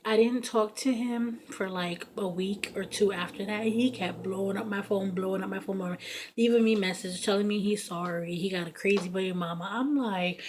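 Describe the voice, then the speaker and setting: A woman's voice: medium pitch, normal speed, slight background noise. Blunt, profane woman in her thirties. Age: 30s. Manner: blunt, profane, animated retelling full of fillers. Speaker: vlogger telling a personal story. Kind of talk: casual storytime.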